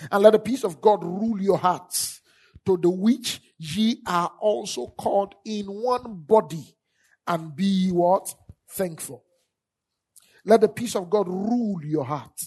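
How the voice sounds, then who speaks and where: Woman preaching real slow, husky voice, keeps asking the church to say it back. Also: medium pitch, a little mellow. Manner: call-and-response preaching, repeating scripture for the congregation to say back. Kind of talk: sermon.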